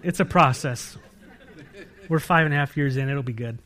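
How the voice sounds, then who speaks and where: An American pastor delivers a sermon at a moderate pace, posing questions to his congregation and answering them himself. He shifts between loud, emphatic peaks and quiet, low-voiced passages.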